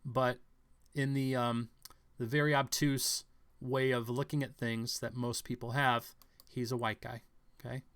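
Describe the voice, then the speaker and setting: A man giving a halting, speculative commentary on news stories, thinking aloud with many fillers and restarts. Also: mid-range voice, level tone, a bit bright, smooth.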